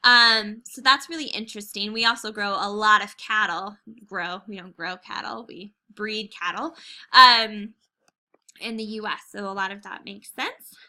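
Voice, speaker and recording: A woman's voice: medium pitch, measured pace, pushed and bright. An American woman teacher giving a chatty recorded video lesson over slides, checking in with "okay?" and "right?" as she goes.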